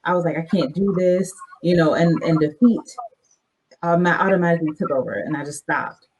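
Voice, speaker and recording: A woman's voice: low voice, a little fast, a little mellow, slightly rough, lo-fi sound. A woman who is an army veteran, a guest on a podcast interview, telling her stories in a candid, loosely structured way.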